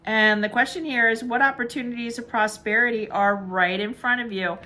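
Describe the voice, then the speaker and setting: Bright-voiced upbeat woman reading tarot. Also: on the high side, steady tone, normal speed. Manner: upbeat, encouraging, chatty. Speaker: tarot reader.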